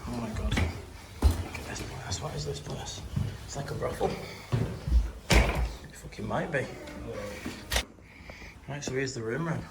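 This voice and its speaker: Casual guy vlogger, sweary banter, mid-pitched voice, noisy street sound. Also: measured pace, gravelly, pauses often. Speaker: travel vlogger. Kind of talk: casual vlog chat. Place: city streets outdoors. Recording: noisy outdoor street audio.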